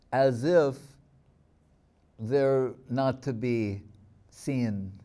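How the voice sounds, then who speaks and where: A man with a mellow, warm voice gives a devotional talk, telling stories reflectively to the people with him. He often slows down on key words and draws out phrases. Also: medium pitch. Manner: reflective storytelling, slowing on key words, chuckling. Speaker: spiritual teacher.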